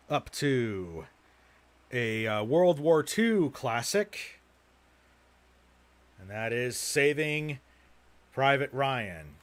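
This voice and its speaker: A young man streaming casually, talking through his film shelf in a loose, rambling way. He swears constantly and drifts into rants before catching himself. His pitch sits in an ordinary middle range for a man. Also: a bit bright. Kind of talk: casual livestream chat.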